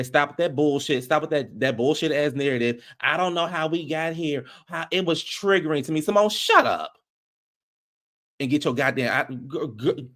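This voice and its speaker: A man reviewing a reality TV episode in casual commentary, ranting in an animated, profane way. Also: fairly high pitch.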